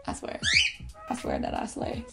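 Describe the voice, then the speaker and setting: A fairly high-voiced woman chatting through a makeup tutorial. She is playful and silly, talks to her pet bird, and pokes fun at herself. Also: lively intonation, normal speed, creaky, loud music behind the voice. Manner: self-mocking asides. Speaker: beauty vlogger. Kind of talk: casual makeup tutorial chat.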